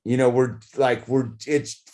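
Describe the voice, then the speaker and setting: With an unhurried delivery and a steady, darkish tone at medium pitch, a middle-aged vlogger chats casually to camera. He rambles and fills his talk with "dude" and "like."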